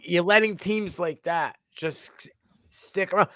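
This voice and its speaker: A male co-host giving animated, profane takes on a sports talk livestream. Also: sits high, a little slow, slight background noise.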